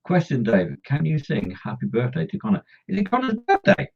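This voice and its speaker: A man's voice: a little high, huge pitch swings, brisk, vocal fry, soft background music. A middle-aged man hosting a model-painting live stream, joking and teasing viewers as he reads the chat. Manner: jokey and teasing, chatty banter with viewers. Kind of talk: casual live-stream chat, reading out comments. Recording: dull lo-fi stream audio.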